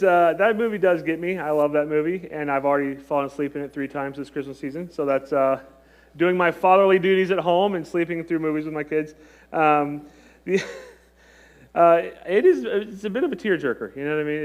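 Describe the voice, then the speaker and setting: A man in his thirties gives a relaxed, talkative sermon. He jokes with the congregation and often breaks off mid-sentence to restart. His voice sits a little higher than most men's. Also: moderate pace, lo-fi sound. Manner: chatty, joking, self-interrupting. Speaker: pastor. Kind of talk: conversational sermon.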